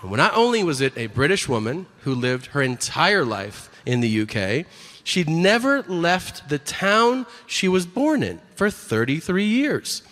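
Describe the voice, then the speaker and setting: A man's voice: on the high side, a little slow, long reverb tail. A man doing a brash, crude stand-up comedy set on stage before an audience. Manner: brash, animated, crude punchlines. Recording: live stage mic with room noise.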